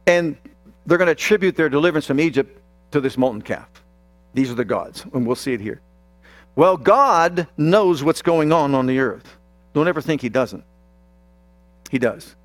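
A man's voice: on the high side, dry recording. A man preaching a sermon, speaking emphatically and addressing the congregation directly. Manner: slow, emphatic, talks straight to the congregation.

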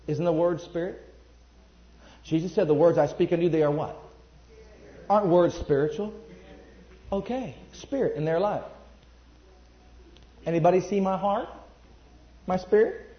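A man preaching a sermon, emphatic, jumping between loud bursts and quiet asides. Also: high-pitched. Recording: echoey room, dull lo-fi sound.

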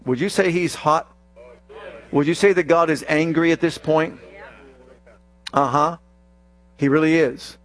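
A man preaching a sermon, reading scripture in a drawn-out, stressed cadence and dropping to a low hushed voice for emphasis, and putting questions to the congregation. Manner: slow, emphatic delivery with dramatic drops to a low hushed voice; addresses congregation with call-and-response questions. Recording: dry close sound with faint mains hum.

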